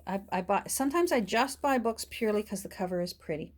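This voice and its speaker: A woman's voice: mid-range voice, lively intonation, quick pace. A middle-aged woman chatting casually while she works, showing a book haul to her phone, restarting her sentences as she goes. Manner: drops to a whisper while showing pages. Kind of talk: casual chat while working.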